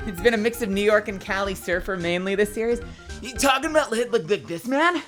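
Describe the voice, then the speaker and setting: A woman's voice: mid-range voice, fairly quick. A woman streamer chatting casually and jokingly, swearing while she voices a game. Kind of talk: casual live-stream chat. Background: game background music.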